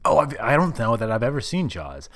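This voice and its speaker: A man co-hosting a podcast in casual, profane, joking chat that often drops into a low mumble. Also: big pitch swings, fairly quick, a bit bright. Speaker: podcast co-host.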